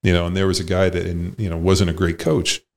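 A man's voice: low voice, flat delivery, a little fast, vocal fry. A man hosting a podcast conversation, a former football player who talks bluntly, rambles and swears freely. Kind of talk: casual conversation.

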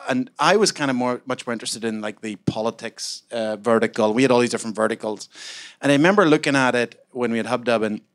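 A man from Scotland, a startup founder, answering onstage interview questions in a rambling, animated way full of fillers and self-mocking asides. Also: mid-range voice. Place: event room with a live audience.

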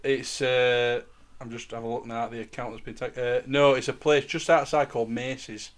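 Male podcast host, rambling, laughs a lot, mid pitch. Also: level tone, fairly quick. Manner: rambling, laughs often, reads posts aloud. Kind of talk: casual podcast chat.

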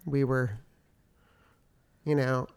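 A man in his forties, a pastor, talks things over with his wife in a relaxed, reflective way. He speaks with plain fillers and frequent agreement as they look back together. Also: mid-range voice, drawn-out words, gravelly, clean tone. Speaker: pastor, podcast co-host. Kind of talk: casual conversation with spouse.

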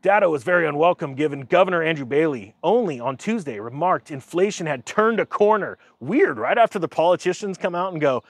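A man's voice: on the high side, lively intonation, a little fast, few pauses, dry recording, studio quality. A man giving a casual, sarcastic rant about the economy, mocking others in silly voices. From United States. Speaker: finance commentator.

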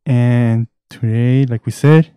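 A young man co-hosting a casual podcast, steering the topics with an easy laugh. His voice is very dark and mellow, at a middle pitch. The recording is dry and close. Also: steady tone, slow, smooth, no room sound. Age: young adult. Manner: leads the topics, laughs easily. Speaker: podcast co-host. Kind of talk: casual chat.

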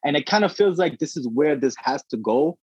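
A young man co-hosting a casual wrestling podcast, talking in a profane, slangy, excitable way. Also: fairly high pitch, a little fast, breathy edge, dry recording. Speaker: podcast co-host. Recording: dry dull lo-fi audio.

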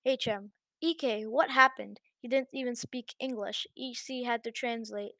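A woman narrating an online story as the host of a channel, in a lively, chatty manner. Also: a little high, normal speed, no room sound.

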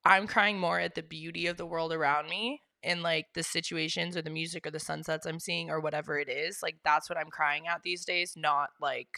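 A woman's voice: sits low, level tone, brisk, creaky, hardly any pauses, sharp tone, dry recording, studio quality. A woman co-hosting a podcast in casual chat, speaking in an earnest, reflective way. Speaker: podcast co-host.

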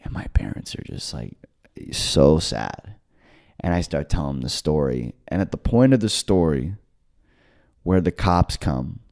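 A young man in his twenties, a podcast co-host, telling a story casually, swearing and acting out quotes. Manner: animated, swearing, acts out quotes with jumps in pitch.

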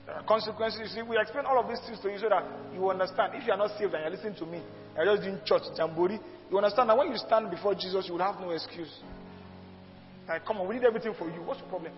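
Pastor, male, very high pitch, forceful repetitive sermon delivery, dull recording with long hall reverb. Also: quick pace, soft background music. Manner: emphatic preaching with repeated phrases and sudden loud outbursts.

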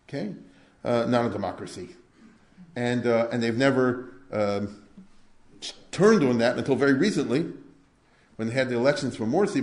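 An older man lecturing in a casual, conversational way, often checking in with his listeners through rhetorical questions. His voice sits at a middle pitch, and the recording carries a noticeable room echo. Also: darkish tone. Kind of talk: informal history lecture. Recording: echoey room.

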